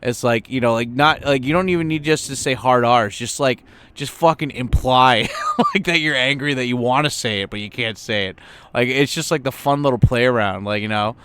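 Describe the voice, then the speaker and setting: A man's voice: medium pitch, moderate pace, a bit bright, a little hiss or hum. A man streaming a game, chatting casually and rambling with lots of fillers and swearing. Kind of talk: casual gameplay commentary.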